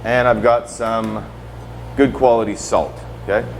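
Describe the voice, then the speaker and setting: A man's voice: mid-range voice, level tone, unhurried, vocal fry, a little hiss or hum. Casual chatty male cooking instructor. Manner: casual, tags sentences with "right?" and "okay?". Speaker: culinary instructor. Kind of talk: cooking class demonstration. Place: teaching kitchen.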